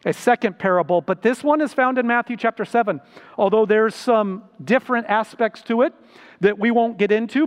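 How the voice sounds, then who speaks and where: A man preaching a sermon as pastor, slow and deliberate, with sudden rises for emphasis. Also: high-pitched, in a large hall.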